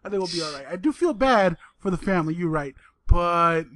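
Man, podcast co-host, high voice, joking, laughs a lot, dry recording. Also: animated, fairly quick, fairly bright tone, no room sound. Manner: laughs often, joking, profane. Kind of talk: casual podcast banter.

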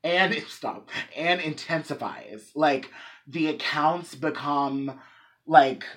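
A man co-hosting a podcast, retelling a story in casual chat, animated and swearing freely with lots of fillers. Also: fairly high pitch, slow. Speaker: podcast co-host.

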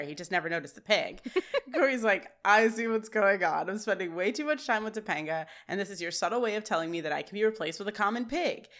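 A woman's voice: medium pitch, a bit bright. A woman co-hosting a podcast, retelling sitcom scenes in casual chat and laughing often. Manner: giggly, retells scenes with quick quoted lines. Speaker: podcast co-host.

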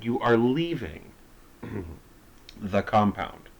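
Animated man with a very lively voice. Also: fairly low pitch, extremely slow, gravelly. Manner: animated, acts out characters' lines in jokey voices. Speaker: podcast co-host. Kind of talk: casual chat recapping a TV episode.

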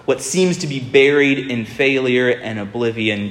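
A man's voice: medium pitch, a little hiss or hum. Male preacher in an echoey hall. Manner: storytelling, shifting between fast and drawn-out. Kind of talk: sermon. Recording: echoey hall with long reverb.

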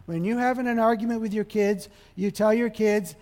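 Male pastor, high voice, lively sermon delivery that jumps between loud and quiet, long reverb of a big hall. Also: normal speed, hardly any pauses. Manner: animated, acts out dialogue, shifts from loud to soft.

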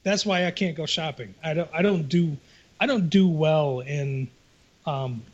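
A blunt man tells stories on a casual podcast and swears freely as he goes. His voice sits a bit high. The recording sounds dull and lo-fi. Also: measured pace. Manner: blunt, profane storytelling. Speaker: podcast co-host. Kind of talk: casual chat.

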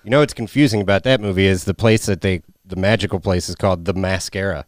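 Man with a lowish voice, casual chat, quick wry interjections, dry close mic. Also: no echo.

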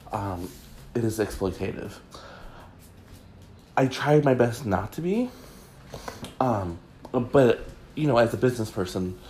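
A man hosts his own podcast, talking loosely and joking with plenty of ums and restarts. His voice sits on the low side. The chat is casual and wandering. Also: darkish tone, slight background noise. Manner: rambling, chatty, jokey, many fillers. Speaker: podcast host.

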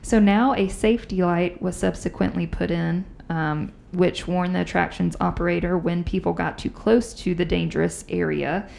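A woman's voice: lowish voice, normal speed, vocal fry, few pauses. A woman hosting a podcast, telling ghost stories in a chatty, casual way. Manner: chatty, animated storyteller. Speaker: podcast host. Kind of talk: casual chat, storytelling.

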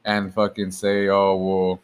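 Low-voiced man swearing in casual chat. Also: monotone, takes it slowly, clear, resonant tone. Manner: blunt, heavy swearing, hesitant. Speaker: podcast co-host.

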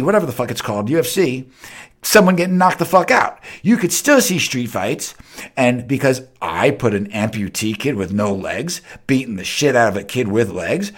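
Profane ranting man, lively pitch. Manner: swings between loud outbursts and low muttering. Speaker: podcast host. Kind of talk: unscripted solo rant.

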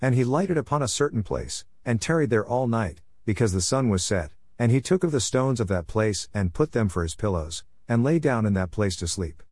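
A man reading scripture aloud, steady and measured. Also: mid-range voice, no room sound, studio quality. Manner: steady measured reading with rising phrase openings. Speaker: scripture reader.

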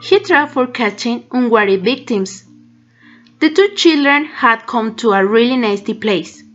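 High-voiced woman reading slowly. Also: animated, fairly bright tone, lo-fi sound, faint music behind. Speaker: story reader. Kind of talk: storybook reading.

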